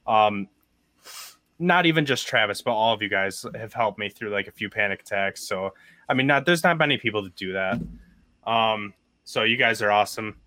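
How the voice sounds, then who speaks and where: Podcast co-host, man, bright and dry, crude and joking with a soft side. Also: on the low side, lively intonation, moderate pace, no echo. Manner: joking, crude, turns sentimental. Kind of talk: casual podcast banter.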